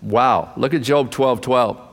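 A man in his sixties preaching a sermon to his church, impassioned, swinging from loud bursts to hushed low asides. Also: slow pace, gravelly. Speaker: pastor. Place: church sanctuary. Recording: long reverb of a church hall.

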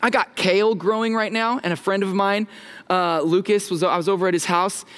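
Thirtysomething pastor preaching in church, high voice for a guy, super casual, cracks jokes, gets the crowd to say amen. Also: steady tone, a little fast, a bit bright. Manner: casual, joking, talks with the congregation. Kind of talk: sermon. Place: church sanctuary.

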